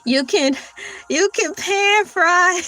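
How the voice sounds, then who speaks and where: A woman's voice: very high-pitched, takes it slowly, bright, forceful tone, soft background music, low-quality recording. A woman hosting a casual morning livestream, chatting to viewers, laughing often and reading search results aloud. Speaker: livestream host.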